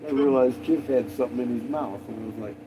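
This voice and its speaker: A man's voice: mid-range voice, fast talker, background noise. A man chatting casually on a road-trip vlog, laid-back, swearing freely and laughing often. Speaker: vlogger traveling with dogs. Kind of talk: casual chat.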